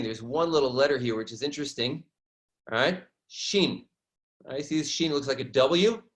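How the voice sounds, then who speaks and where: Lively man teaching with slides. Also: fairly high pitch. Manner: animated, keeps asking "right?" to check in. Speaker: educator. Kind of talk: online lesson presenting slides.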